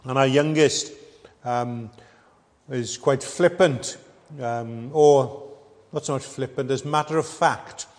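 Slow, earnest preacher in a hall. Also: male voice, mid-range voice. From Wales. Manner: measured, earnest, pausing with frequent ums. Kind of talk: sermon. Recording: echoey hall with long reverb.

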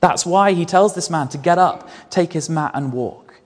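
A man's voice: on the high side, normal speed. A man preaching a sermon in an earnest way, repeating key phrases for emphasis. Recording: long reverb of a large hall.

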